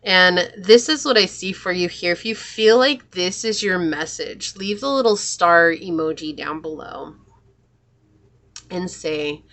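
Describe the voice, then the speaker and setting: A woman's voice: fairly low pitch, measured pace, a bit bright. Earnest woman reading tarot cards. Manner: earnest, emotional, spiritual. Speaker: tarot reader.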